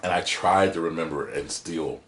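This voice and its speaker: A man with a very low voice tells stories in an interview, lively and vivid as he acts out rhythms and quotes. The room is roomy and echoey around him. He speaks as a guest poet in casual conversation. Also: moderate pace. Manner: animated storyteller who acts out rhythms and quotes. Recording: roomy echo.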